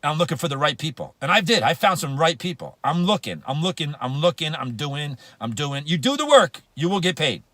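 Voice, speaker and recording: A man's voice: fairly high pitch, lively intonation, fairly quick, hardly any pauses, bright, forceful tone, dry recording. A man giving a motivational business talk, emphatic and slangy, repeating phrases for punch. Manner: slangy, casual grammar. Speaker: network marketing speaker.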